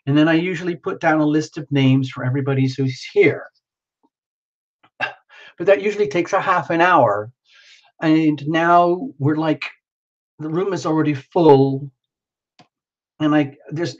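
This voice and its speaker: A man's voice: on the high side, moderate pace, lo-fi sound. A worn-out man hosting a tarot livestream, rambling casually and greeting viewers by name.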